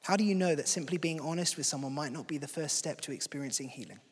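A man's voice: a little high, fast talker, husky. A man preaching a sermon in a conversational, earnest way. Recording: long hall reverb.

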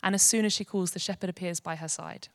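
Woman Bible teacher, earnest and gentle, close and dry sound. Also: fairly low pitch, fairly even intonation, fast talker, no echo. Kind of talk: devotional teaching.

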